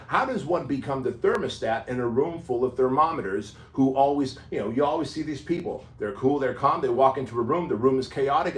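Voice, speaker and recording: A man's voice: medium pitch, recorded from a distance. A man giving an emphatic, punchy motivational talk, driving his points home with repeated lists. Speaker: motivational speaker. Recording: roomy echo, faint noise.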